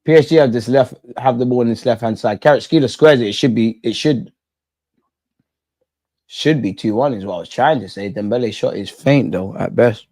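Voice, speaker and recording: A man hosting a live football watch-along, chatting in excitable, slangy banter with his viewers. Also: medium pitch, normal speed, no room sound. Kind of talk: live fan commentary and chat.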